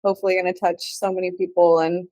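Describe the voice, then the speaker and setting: A woman's voice: on the low side, flat delivery, fast, mellow, dry recording, rough recording. A woman hosting an interview, encouraging and appreciative toward her guest. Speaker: interview host. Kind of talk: casual interview chat.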